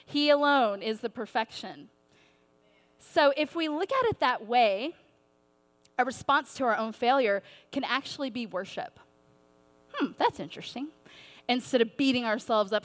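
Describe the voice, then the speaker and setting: A woman's voice: on the high side, expressive, normal speed, pauses often. A woman giving an earnest, conversational sermon-style talk to mothers, encouraging and personal. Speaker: women's ministry speaker.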